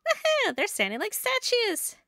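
A woman's voice: very high-pitched, wildly swooping pitch, normal speed, gravelly, pushed and bright, no echo, clean studio sound, pitched above the performer's own voice, full character voice. A woman voicing a pompous archer villain from a game, with inverted word order. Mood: smug. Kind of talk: reading game dialogue aloud.

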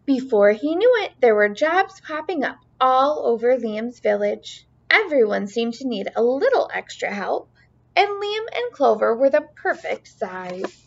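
A woman teacher reading a children's storybook aloud in an expressive, sing-song way. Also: on the high side, unhurried, gravelly. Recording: dull lo-fi recording.

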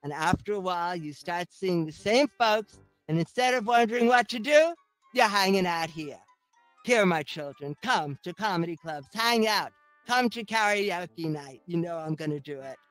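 A woman's voice: lowish voice, lively intonation, moderate pace, dry recording, rough recording. A woman in middle age delivers a stand-up set with a teasing, sardonic edge. She slips into mock-sweet asides. The sound is close and dry, with faint music underneath. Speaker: stand-up comedian and host.

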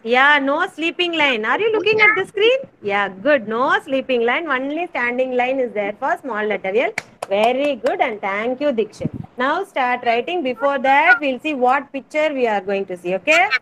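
A woman teaching letter sounds to small children in an online class, slow and coaxing, repeating words for them. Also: high voice, expressive, fairly bright tone, a little hiss or hum. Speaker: kindergarten teacher. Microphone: video call. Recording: dull lo-fi video call audio.

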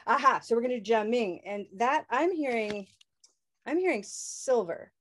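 A woman's voice: on the high side, animated, moderate pace, a bit bright, a little hiss or hum. A woman teaching English pronunciation in a live online class, upbeat and leading call-and-response chants over a video call.

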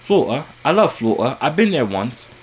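This is a man performing a brash British lad in a put-on British accent, mocking and teasing at full volume. He sits a touch higher than his normal register and lands every jab hard. A faint hum of the room sits beneath the webcam audio. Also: big pitch swings, a little fast, close to an everyday voice. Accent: put-on exaggerated British. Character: brash, insulting young British man, mock-angry. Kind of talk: prank video chat role-play.

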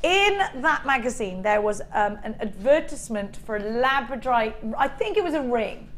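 Woman, TV shopping presenter, bright high voice, chatty sales patter, faint room noise. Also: very animated, moderate pace. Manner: chatty, upbeat, bubbly selling.

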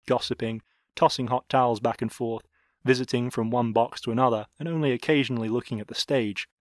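Man, audiobook narrator, measured reading, mid pitch, dry. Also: no room sound.

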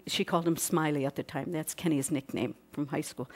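A middle-aged woman giving a sermon, telling a personal testimony in an animated way and asking the congregation questions. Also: low-pitched, moderate pace, few pauses. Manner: animated storyteller, acts out voices, asks the congregation questions. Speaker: pastor's wife preaching.

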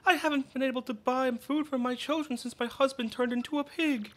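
A woman voicing a gentle mother of hungry kids as she reads game dialogue aloud, polite and pleading. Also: high-pitched, fairly even intonation, fairly quick, voice pushed up, natural voice.

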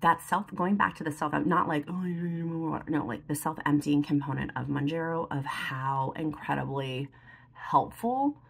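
A woman with a low, creaky voice and a breathy edge chats to the camera at a moderate pace as she puts on makeup. As a beauty and lifestyle vlogger, she's emotional and chatty, at times teary, using lots of "like."

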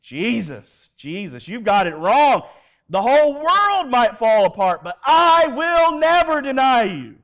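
A man voicing an impassioned adult male disciple who speaks in loud, emphatic declarations. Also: fairly high pitch, big pitch swings, slow, vocal fry, hardly any pauses, heavily acted.

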